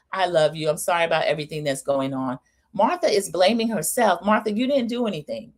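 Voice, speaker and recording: Woman host, middle-aged, lowish voice, gossipy and scolding in a live recap. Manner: chatty, scolding, addresses viewers as y'all. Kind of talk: live opinion recap, casual chat.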